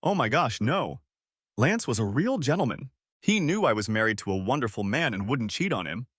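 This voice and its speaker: A man's voice: mid-range voice, sing-song, normal speed, a bit bright, no room sound, studio quality. A man voicing an adult wife who stammers defensively and pleads through tears. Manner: stammering, defensive then sobbing.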